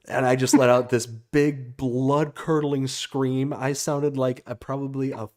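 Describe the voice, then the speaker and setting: A man from Florida, a guest on a chat show, telling a story in a drawn-out, dramatic way. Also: mid-range voice, level tone, darkish tone.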